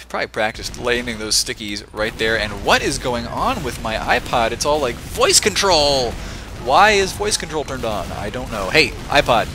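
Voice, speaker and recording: A man shoutcasting a competitive online game, giving chatty, joking play-by-play with frequent off-topic asides. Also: mid-range voice, a little hiss or hum. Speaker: esports shoutcaster. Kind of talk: live game commentary.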